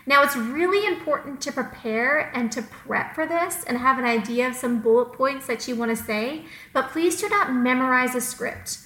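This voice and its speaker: A woman's voice: sits high, moderate pace, few pauses, pushed and bright, roomy sound, poor audio. A woman co-hosting an advice podcast, upbeat and emphatic, repeating words for stress. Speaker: podcast co-host.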